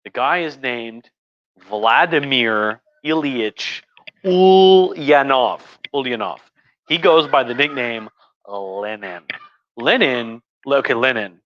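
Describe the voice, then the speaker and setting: Tipsy man, bright forceful voice, crude and rambling, dry muffled audio. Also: medium pitch, slow, dry recording. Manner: crude, profane, rambling with restarts. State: tipsy from wine. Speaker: host. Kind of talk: casual livestream history talk. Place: home room.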